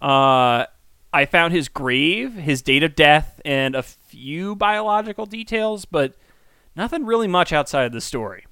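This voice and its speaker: A man's voice: fairly high pitch, lively intonation, a little slow, bright, forceful tone, smooth, no room sound. A man co-hosting a podcast in casual, rambling chat with lots of ums. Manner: chatty, rambling with many ums. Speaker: podcast co-host.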